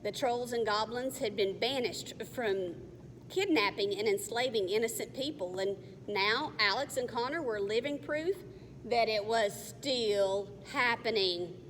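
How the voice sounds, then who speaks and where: Slow careful woman reading a storybook. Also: a little high, a bit bright. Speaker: narrator. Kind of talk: reading a children's novel aloud. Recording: faint long reverb, faint hiss.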